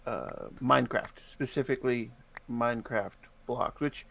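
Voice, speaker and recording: An American man with a mid-range, gravelly, slightly bright voice speaks a little slowly. He's co-hosting a live game stream, chatting casually and thoughtfully walking through game mechanics at length.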